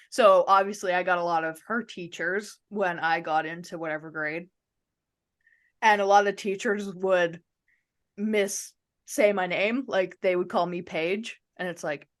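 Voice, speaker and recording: A woman co-hosting a casual podcast, telling stories and acting out the lines people said to her. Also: lowish voice. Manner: chatty storytelling, acts out quoted lines. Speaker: podcast co-host. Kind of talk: casual chat.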